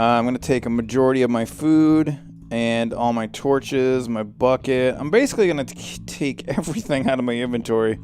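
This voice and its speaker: A man hosting a casual game commentary, chatty and excitable and quick to cry out in surprise. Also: mid-range voice. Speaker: let's play host.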